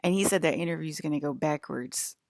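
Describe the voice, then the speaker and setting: A woman with a low voice and a gravelly edge talks straight to her audience. She rambles and swears, sounding irritated, and the sound is close and dry. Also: fairly quick, darkish tone, no echo. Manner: profane, irritated rant. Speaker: vlogger. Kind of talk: rambling monologue.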